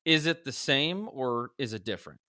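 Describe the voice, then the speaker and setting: A man hosting a business podcast, asking his guest questions in a measured, businesslike way. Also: medium pitch, expressive, bright, forceful tone, no room sound, clean studio sound. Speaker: podcast host. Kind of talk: interview questions.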